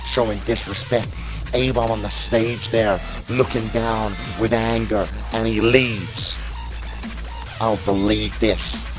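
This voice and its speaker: Young guy doing wrestling play-by-play, low-ish voice, yells when stuff happens, faint music behind. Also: steady tone, low-quality recording. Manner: shouts in disbelief, indignant; informal, talks fast at big moments. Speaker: wrestling commentator. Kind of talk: excitable play-by-play commentary.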